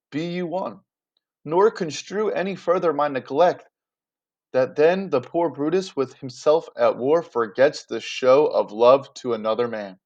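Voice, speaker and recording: Brutus, a troubled Roman nobleman, as a man reads him aloud, speaks his Shakespearean lines slowly and earnestly. The recording sounds slightly dull. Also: a little high, a little mellow, lightly acted. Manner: slow, earnest Shakespearean recitation.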